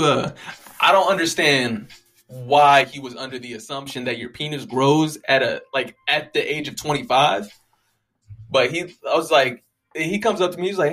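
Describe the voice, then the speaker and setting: A man's voice: medium pitch, brisk. A young man, casually rambling and joking with lots of profanity. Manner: profane, joking, animated storytelling.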